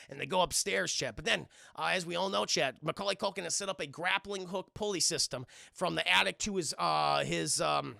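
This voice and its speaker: A young man chatting to his stream audience as he retells a film's scenes, animated and profane, bursting into silly voices. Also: on the high side, a little fast, vocal fry, no echo, studio quality. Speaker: streamer reviewing a film. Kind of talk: casual chat to a livestream audience.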